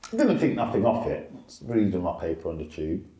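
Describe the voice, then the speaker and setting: A middle-aged male stand-up comedian, telling animated stories in a casual interview. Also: fast, echoey room. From England. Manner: animated, lively storyteller who jumps up in pitch for quotes.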